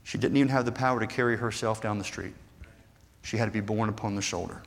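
A man preaching a sermon earnestly, moving from hushed passages to fervent, rising appeals. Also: fairly low pitch, steady tone, quick pace, creaky. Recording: long hall reverb.

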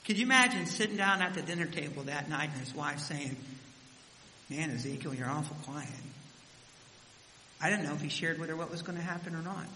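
Male preacher, dramatic storyteller, bright edge, long hall reverb. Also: a little high, fast talker, few pauses. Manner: dramatic storytelling, voice rising and dropping. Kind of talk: sermon. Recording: echoey hall with faint hiss.

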